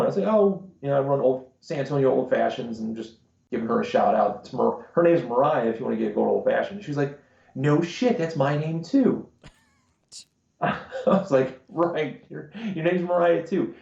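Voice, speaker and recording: Gravelly dark-voiced guy cussing through a bar story, echoey dull stream audio. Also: medium pitch, expressive, moderate pace. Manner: crude, swearing storyteller. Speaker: podcast co-host. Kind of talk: casual chat.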